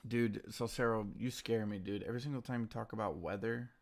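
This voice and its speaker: A tired man talks through his trades in a hushed morning voice. His voice sits a little low with a gravelly rasp. He stays laid-back, answering chat as he goes. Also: steady tone, fairly quick. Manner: quiet, subdued morning voice; laid-back, reads chat names aloud. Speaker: stock trading streamer. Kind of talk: casual live-stream chat.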